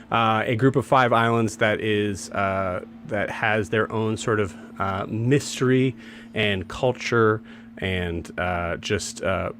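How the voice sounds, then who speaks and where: Hosting a game stream as game master, a man casually announces campaigns and rambles, restarting often and using many filler words. His voice is lowish with a fairly bright tone, and there's a little hiss or hum.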